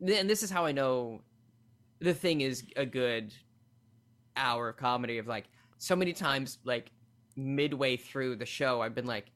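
A man, a stand-up comedian, chats as a podcast guest in a fast, animated way. He wanders off on tangents and fills his speech with "like" and "you know". His pitch is ordinary for a man, and he pokes fun at himself often. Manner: fast, tangential, animated, full of "like" and self-deprecating asides. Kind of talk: casual chat. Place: New York.

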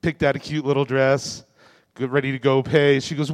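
A man in his forties doing a stand-up comedy set on a club stage, delivering self-mocking punchlines in a deadpan way. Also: mid-range voice, normal speed. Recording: reverberant club room.

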